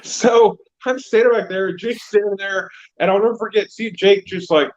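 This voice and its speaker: A man telling stories in casual podcast chat, animated and full of "like". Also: high voice, moderate pace. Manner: animated storyteller, heavy use of "like". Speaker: podcast guest, comedian and wrestling trainer. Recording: dull lo-fi sound.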